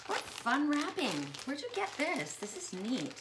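Gushing, excitable woman vlogger. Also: high-pitched, measured pace, background noise. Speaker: spiritual vlogger unboxing gifts. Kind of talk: casual unboxing vlog.

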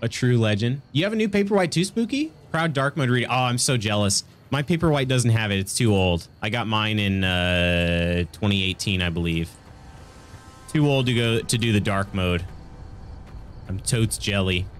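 Stuffy-nosed and speaking at a normal speed in a lowish voice, a man chats casually with viewers during a gaming stream, responding to chat and laughing frequently. The recording carries a little hiss or hum.

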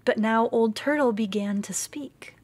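Woman, storyteller, slow, gentle, expressive, worship service reading. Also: on the high side. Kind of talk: reading a children's story aloud.

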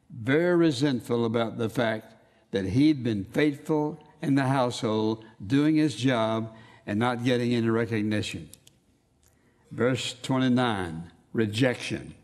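A man preaching a sermon, emphatic, slowing down to read scripture quotes with weight. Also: mid-range voice, darkish tone. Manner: emphatic, quotes scripture in slow dramatic readings.

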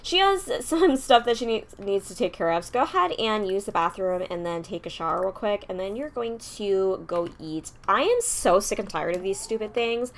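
Chatty young woman, lively pitch. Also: normal speed, hardly any pauses. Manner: chatty, exasperated asides to her game characters. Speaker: gameplay streamer. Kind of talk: casual gameplay commentary.

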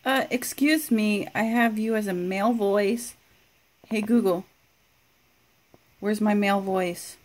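Slow-talking woman chatting to a smart speaker. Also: mid-range voice, a little mellow. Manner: talks slowly to a smart speaker, dry amused. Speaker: product reviewer. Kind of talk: casual home review.

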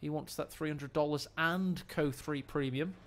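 A man casting a live strategy game with quick, jokey play-by-play and sudden excited rises. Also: a little high. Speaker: game caster. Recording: game battle sounds under the voice.

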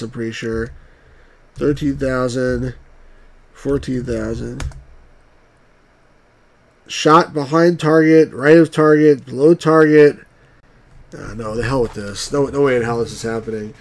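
A man's voice: mid-range voice, measured pace, long pauses, darkish tone. A man hosting a let's-play of old computer games, reading the on-screen text aloud and tossing in wry, grumbling remarks. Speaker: game reviewer and channel host.

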